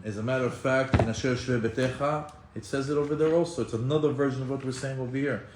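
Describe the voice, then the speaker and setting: A man teaching a Torah class in an animated way, acting out quoted voices and often restarting his sentences. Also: medium pitch, fast, slight background noise. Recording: echoey room with faint ambience.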